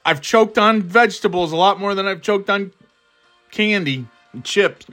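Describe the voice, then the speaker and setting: Soft music plays behind a man whose high-pitched, fairly bright voice keeps a moderate pace. Hosting a podcast, he meanders through his football picks, swearing, ribbing himself and starting over repeatedly, his throat irritated enough that he keeps clearing it.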